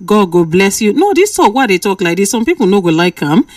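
A woman radio presenter speaking with a Nigerian Pidgin accent, lecturing listeners and bantering with callers in a lively, preachy way. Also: medium pitch, a little fast, no echo. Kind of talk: call-in radio talk.

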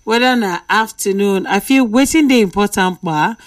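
A woman's voice: mid-range voice, normal speed, no room sound, far from the mic. Nigerian woman, late-night radio host, teasing banter, dry sound, sits back from the mic. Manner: playful, reads out listener messages and banters.

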